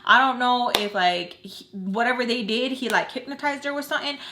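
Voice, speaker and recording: Young woman with a kinda high voice doing a storytime vlog, super animated, lots of "like". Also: a little fast, heavy background noise. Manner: animated, emphatic storytelling with frequent fillers and swearing. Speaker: vlogger. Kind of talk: storytime chat.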